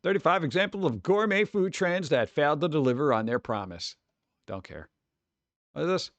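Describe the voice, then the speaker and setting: A man's voice: on the high side, expressive, moderate pace, a bit bright, no room sound, muffled recording. A man from New York streaming casually, reacting to chat with sarcastic, mumbled asides.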